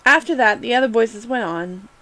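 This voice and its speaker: Expressive woman reading a storybook. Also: on the high side, normal speed, low-quality recording. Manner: expressive, with small restarts. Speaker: reader. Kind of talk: storybook read-aloud.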